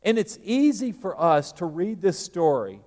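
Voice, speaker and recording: A male pastor, preaching a sermon that swings from loud, emphatic peaks to quiet, low asides. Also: big pitch swings, unhurried, long reverb tail.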